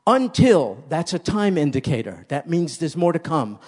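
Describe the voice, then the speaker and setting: Emphatic preaching man, husky voice. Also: on the high side, lively intonation, moderate pace, a little mellow. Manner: emphatic, repeats key phrases for stress. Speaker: pastor. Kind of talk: sermon.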